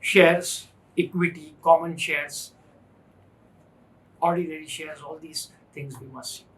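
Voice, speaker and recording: The recording is rough, but you can hear a man with an Indian English accent teaching finance in a classroom lecture. His voice sits on the high side, slightly bright, with a steady tone and slow delivery, and he hammers points home by repeating them and asking rhetorical questions.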